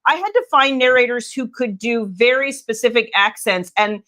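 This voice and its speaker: Chatty middle-aged woman, higher voice. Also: a bit bright. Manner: chatty, rambling, quick asides to viewers. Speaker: romance author hosting a livestream. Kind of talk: casual live chat.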